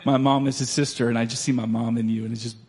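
A man preaching a sermon, swinging from loud declarations to soft storytelling. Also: mid-range voice, little pitch movement, quick pace. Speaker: pastor.

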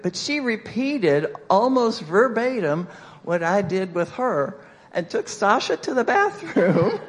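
A woman's voice: fairly low pitch, big pitch swings, unhurried. A woman speaking in church, telling a story in a sermon and acting out the quotes playfully.

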